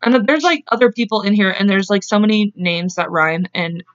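A woman's voice: medium pitch, brisk, dry recording. Woman podcast host rambling through a true crime story, swears a lot, dry muffled home mic. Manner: chatty and profane, with laughing asides and side tangents.

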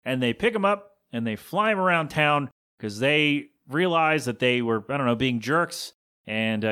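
A man's voice: mid-range voice, expressive, moderate pace, bright, forceful tone, clear, resonant tone. A man hosting a podcast in a casual, rambling chat, teasing himself as he talks. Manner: rambling and self-mocking. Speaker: podcast host.

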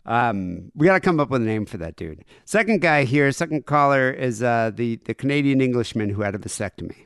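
A man's voice: mid-range voice, animated, a little fast, smooth, dry recording, studio quality. A man hosting a podcast in casual chat, laid-back, crude and joking. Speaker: podcast host.

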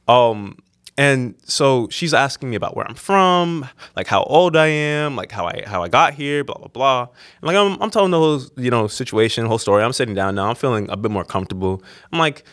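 A man's voice: mid-range voice, expressive, a little fast, fairly bright tone, no echo, studio quality. A young man casually telling a personal anecdote, rambling with many repeats and fillers and laughing at himself. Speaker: storyteller.

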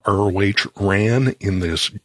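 A man's voice: on the low side, no room sound. A man co-hosting a casual podcast, speaking hesitantly with many restarts. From California. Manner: halting, soft-spoken, lots of restarts. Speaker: show producer and co-host.

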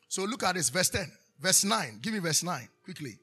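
With a Ghanaian accent, this pastor preaches in a high, sing-song voice that's pushed, bright and slightly rough, keeping a normal pace with few pauses. His sermon uses call-and-response questions to the congregation and shifts into Twi.

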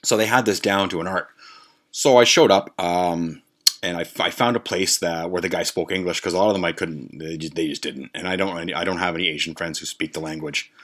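A man's voice: low-pitched, fairly even intonation, fairly quick, fairly bright tone. A man hosting a podcast, telling a long rambling story with lots of swearing, restarts and fillers. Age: adult with a grandmother. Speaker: podcast host. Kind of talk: casual storytelling rant.

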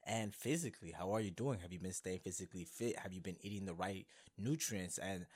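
Low-voiced, excitable young podcast host. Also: male voice, a little fast, breathy edge. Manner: rambling, excitable, self-interrupting with fillers. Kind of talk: casual solo podcast talk.

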